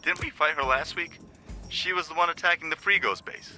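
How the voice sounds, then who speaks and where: A bright, eager young hero. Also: male voice, a little high, brisk, faint music behind.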